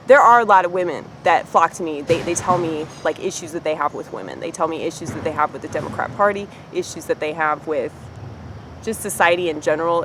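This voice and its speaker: A woman vlogger with a fairly low voice delivers an arrogant, combative rant to camera near a street where trash pickup passes. She swears freely and laughs at her own remarks, on a rough recording with slight background noise.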